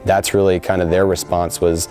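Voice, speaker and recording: A man's voice: deep voice, level tone, normal speed, darkish tone, soft background music. A young man in his twenties speaking earnestly in a sit-down interview, with frequent fillers. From United States. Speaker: soldier interviewed before deployment.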